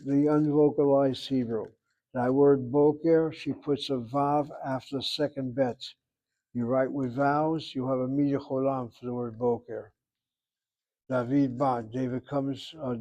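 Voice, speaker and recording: An older man teaching a Hebrew class, explaining grammar patiently and step by step, repeating words slowly. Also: medium pitch, a little mellow.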